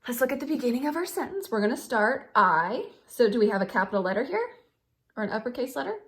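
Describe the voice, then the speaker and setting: A woman's voice: fairly high pitch, very animated, fast, fairly bright tone. A woman teaching young children to write sentences, patient and sing-song, calling them friends. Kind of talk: children's writing lesson.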